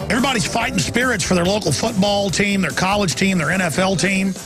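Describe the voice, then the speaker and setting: A man, hosting a talk radio show with a ranting, repetitive delivery that swings between shouting and a low growl. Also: fast, over music. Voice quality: gravelly. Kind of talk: impassioned talk radio monologue. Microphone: studio broadcast mic.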